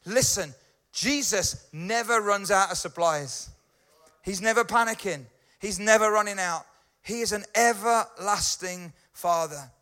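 A man preaching a friendly, chatty sermon in a fairly high voice, pausing to check in with his listeners. His tone is bright and forward. He sounds middle-aged. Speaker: pastor. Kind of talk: conversational sermon.

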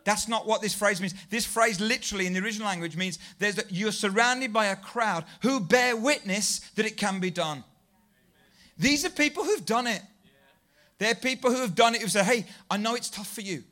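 A man preaching to a congregation, animated and self-deprecating as he tells a story. His voice sits high and sounds bright and ringing. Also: normal speed. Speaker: pastor. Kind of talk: sermon.

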